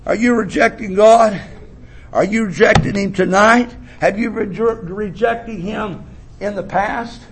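A man preaching a revival sermon with impassioned swings between shouting and low murmuring, reading scripture in a slow, drawn-out cadence. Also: fairly even intonation, slight background noise.

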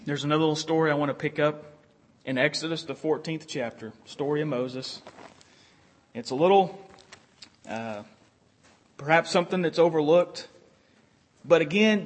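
A man with a notably high-pitched voice preaches an earnest sermon. He circles back on his phrases and slips into the words of those he quotes. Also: moderate pace, long pauses. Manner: earnest, repetitive restarts, quotes prayers in character.

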